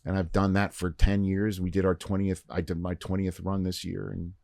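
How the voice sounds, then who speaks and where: Middle-aged male podcast host, very low pitch, loose chatty storyteller, dry studio sound. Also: moderate pace, creaky, dry recording. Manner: rambling, animated anecdote-telling with many fillers. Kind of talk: casual storytelling chat.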